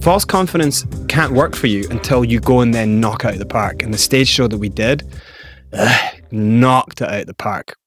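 A man from Scotland with a Scottish accent, telling a lively story as an interview guest and acting out the quotes. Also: mid-range voice, normal speed, faint music behind. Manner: animated storyteller, acts out quotes.

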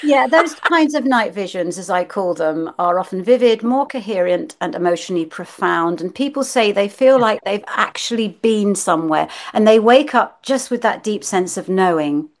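British woman gently explaining. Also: mid-range voice, expressive, moderate pace, hardly any pauses. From Britain. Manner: gentle, explanatory, with tag questions. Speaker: podcast co-host, dream interpreter. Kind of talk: casual chat, explaining.

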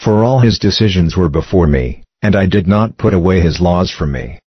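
A man with a very deep voice reads psalms aloud in a steady, measured way. The sound is dry and close, with slightly dull, muffled audio. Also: husky, no room sound. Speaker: scripture reader. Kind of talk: scripted reading of psalms.

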